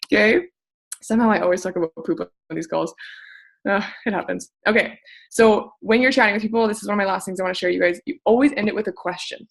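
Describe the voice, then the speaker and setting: Young woman, gravelly fry, upbeat casual coaching talk with mild swearing. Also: medium pitch, a little fast. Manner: energetic, chatty, swears casually. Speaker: network marketing coach. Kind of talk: casual motivational talk on a group call.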